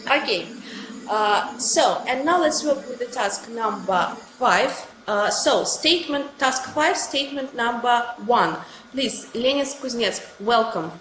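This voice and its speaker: Fairly high woman teaching an English class. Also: lively intonation, measured pace, a bit bright. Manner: calls on students one by one, careful, step by step. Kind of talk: online class instruction. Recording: roomy with faint noise.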